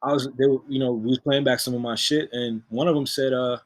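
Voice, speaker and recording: A man, a music producer, talking in a relaxed, slangy way as an interview guest, laughing often. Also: mid-range voice, fast talker. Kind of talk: casual interview chat.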